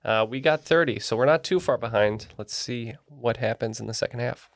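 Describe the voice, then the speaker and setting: A man co-hosting a trivia podcast in a studio, thinking aloud with halting pauses. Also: mid-range voice, creaky, dry recording. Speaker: trivia podcast co-host and contestant. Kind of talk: casual chat.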